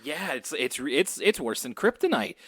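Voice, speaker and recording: A man's voice: a little high, big pitch swings, moderate pace, fairly bright tone, slightly rough, no echo, studio quality. A man co-hosting a podcast, recapping a cartoon in rambling, chatty talk and laughing easily. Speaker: podcast co-host. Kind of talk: casual chat recapping a cartoon.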